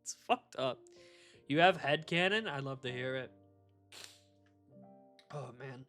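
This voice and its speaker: A man live-streaming from a warm room at home, rambling and swearing casually and laughing at his own jokes. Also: medium pitch, lively intonation, slow pace, soft background music. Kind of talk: casual live-stream chat while shiny hunting.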